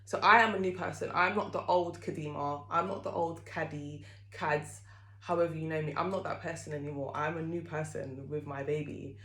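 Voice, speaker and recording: A woman's voice: deep voice, steady tone, normal speed, fairly bright tone. A young woman talking candidly to camera as a vlogger, chatty and open, with lots of fillers. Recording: echoey room.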